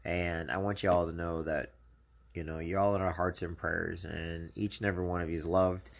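A man speaks in a casual live video message, his voice sitting very low and rough with a gravelly fry. He talks earnestly to his viewers, offering encouragement and comfort in a plain, personal way. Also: level tone, normal speed. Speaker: channel host.

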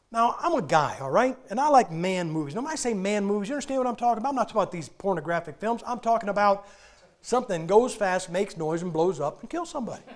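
Older male preacher, high pitched, folksy storyteller with a joking streak, church sermon. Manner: folksy, joking, acts out movie scenes.

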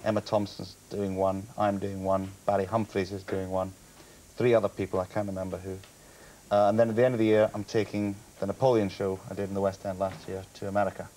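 A man in his thirties, a comedian and impressionist, telling animated anecdotes as a guest on a TV sofa and dropping into mimicked voices. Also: low voice, brisk, low-quality recording. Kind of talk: chatty TV sofa interview. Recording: faint hiss of an old TV broadcast.

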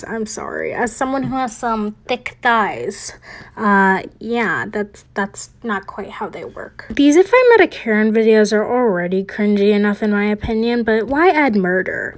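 A young woman at home hosting a reaction commentary video. She rants in exasperation and laughs often. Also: mid-range voice. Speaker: commentary channel host. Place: at home with family over.

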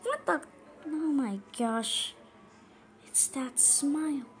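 A woman voicing a squeaky, cheerful male cartoon mouse who rambles nervously while reacting to a video, breaking into frantic yelps. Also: slow pace, slight background noise. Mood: panicked. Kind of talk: in-character reaction commentary.

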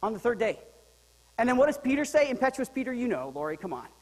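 Man, pastor, lively joking sermon, long hall reverb. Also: very high-pitched, quick pace. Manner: lively, joking, swings from loud to quiet. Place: church sanctuary.

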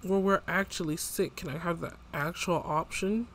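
A man's voice: high-pitched, normal speed, fairly bright tone, slight background noise. A man casually commenting on a life-sim game as he plays, chatting to the characters and his viewers. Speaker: gameplay vlogger.

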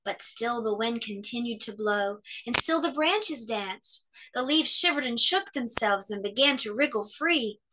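A woman hosting children's story time, reading a picture book aloud with expressive, animated storytelling. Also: fairly high pitch, a little slow.

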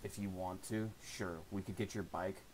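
A man's voice: low voice, steady tone, normal speed, darkish tone, low-quality recording. A young man in his late teens streaming a game, chatting casually and swearing a lot at his friend. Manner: crude, swearing trash talk. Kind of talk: casual gameplay stream chat.

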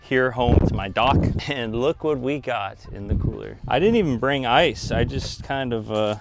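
A man hosting a fishing channel, talking casually to the camera from a small boat and later from his dock, excitable when fishing and calmer and chatty when cooking. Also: mid-range voice, normal speed, vocal fry, noisy background. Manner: excitable, yells and laughs when a fish bites; calm and chatty back at the dock. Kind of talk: casual vlog narration. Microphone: camera mic, later with a wind cover.

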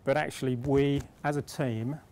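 A man's voice: mid-range voice, fairly even intonation, normal speed, a little mellow. British man telling a conference anecdote. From Britain. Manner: storytelling, self-deprecating, with repeated restarts. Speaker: conference speaker. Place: conference hall.

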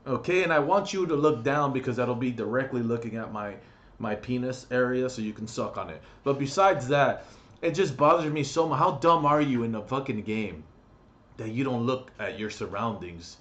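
A man's voice: medium pitch, normal speed, a bit bright. A young man ranting brashly in a comedic gaming vlog from his bedroom, crude and mocking, swearing constantly. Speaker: gaming vlogger.

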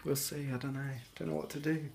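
A man's voice: a little high, flat delivery, fast, creaky, darkish tone, slight background noise. A British man vlogging casually at home on a handheld phone, rambling with lots of fillers and restarts. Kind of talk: casual daily vlog chat. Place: at home, indoors.

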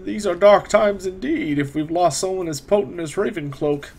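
A man's voice: high voice, moderate pace, creaky, a little mellow, breathy edge, pitched above the performer's own voice, exaggerated voice. A man voicing a scholarly, courteous older wizard who speaks in formal, old-fashioned phrases. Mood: grave.

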